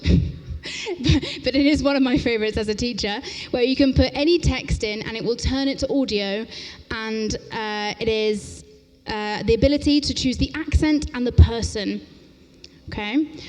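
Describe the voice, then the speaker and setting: A woman's voice: fairly high pitch, a little mellow. Upbeat woman leading a conference workshop. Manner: brisk and upbeat, often checking in with "okay?". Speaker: teacher trainer presenting a workshop. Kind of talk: interactive conference workshop talk. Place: large lecture hall at a conference. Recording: echoey lecture hall.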